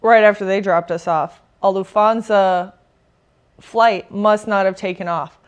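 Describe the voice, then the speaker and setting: Young woman, casual co-host, lively quoted dialogue, middle pitch. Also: measured pace, clear, resonant tone. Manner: lively, quotes people in a brighter voice. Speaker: pro beach volleyball player. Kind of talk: casual storytelling.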